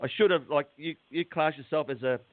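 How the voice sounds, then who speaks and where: A middle-aged man, a guest on a phone interview, talking in an agitated, halting way and repeating words. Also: a little high, dry recording. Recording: tinny dry phone line.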